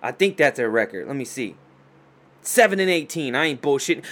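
A man hosting a casual sports show, talking fast and loose with lots of swearing and trash talk. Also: medium pitch. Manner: profane, excitable trash talk.

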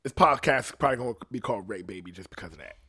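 A man's voice: fairly low pitch, lively intonation, rapid-fire, bright, forceful tone, slightly rough. Profane rambling podcast man. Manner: profane, rambling, quotes others in voices. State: jittery from coffee. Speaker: podcast host. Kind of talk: casual ranting monologue.

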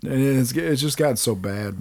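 A man in his thirties hosting a casual podcast. His voice is gravelly and mid-pitched, and he tells animated stories full of swearing and laughter. The sound is dry and close. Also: moderate pace, dry recording. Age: 30s. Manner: animated storyteller, swears freely, laughs often. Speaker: podcast host. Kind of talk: casual chat.

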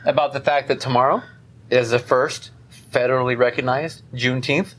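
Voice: mid-range voice, steady tone, normal speed, fairly bright tone. A podcast co-host chatting casually in a playful way, laughing often. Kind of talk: casual chat.

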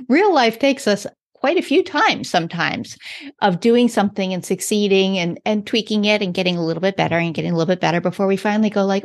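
A woman's voice: medium pitch, lively intonation, fairly quick. A woman podcast host talking in a reassuring, reflective way. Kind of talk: casual interview chat.

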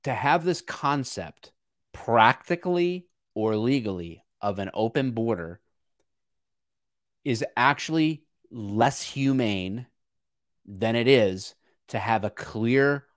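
A man's voice: mid-range voice, animated, takes it slowly, no echo, studio quality. A man co-hosting a podcast, talking through political issues in an earnest, searching way with frequent restarts. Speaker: podcast co-host. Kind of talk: casual political discussion.

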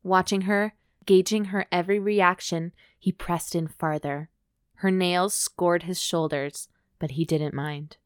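A woman's voice: lowish voice, steady tone, unhurried, smooth, no room sound, clean studio sound. A woman co-hosting a podcast, reading a romance novel aloud steadily and breaking off for wry jokes. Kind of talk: dramatic reading with joking commentary.

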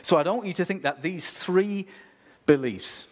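Speaking at a moderate pace in a high voice, a preacher talks straight to his congregation in a conversational sermon, reading from scripture and asking the listeners questions.

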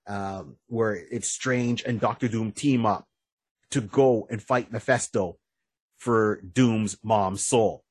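A man's voice: fairly low pitch, takes it slowly, a little mellow, slightly rough, dry recording. A man co-hosting a podcast in casual chat, animatedly retelling stories and acting out characters' lines. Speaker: podcast co-host.

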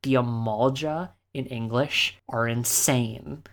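A woman's voice: very deep voice, fairly even intonation, slow pace, a crowd in the background. A woman co-hosting a casual podcast about a video game, talking animatedly, laughing often and acting out characters. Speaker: podcast co-host. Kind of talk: casual game discussion chat.

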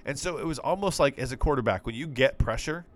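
Co-hosting a casual sports podcast, a man with a mid-range voice talks at a quick pace. His chat rambles, sounding exasperated and full of profanity.

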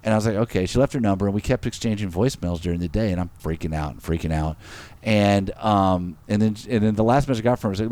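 Animated man telling a funny story. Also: deep voice, quick pace. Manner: animated, laughs often, acts out quotes. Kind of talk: casual storytelling chat.

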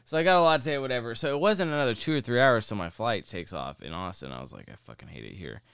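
A man's voice: medium pitch, animated, fast, a bit bright, clean tone, no room sound, clean studio sound. A young man casually telling a long, profane story to a friend in a podcast chat. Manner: profane, rambling anecdote-telling.

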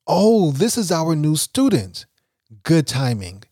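A man's voice: on the high side, sing-song, slow, mellow, slightly rough, dry recording, studio quality, exaggerated voice. A man voicing a friendly school principal who welcomes his students in a storybook reading. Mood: cheerful.

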